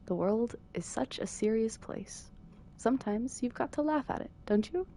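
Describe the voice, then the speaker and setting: Mischievous alien gardener, male, playful and teasing, a little raised, gravelly edge, odd stress woman reads him in. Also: on the high side, lively intonation, moderate pace, warm tone, a little hiss or hum, pitched above the performer's own voice.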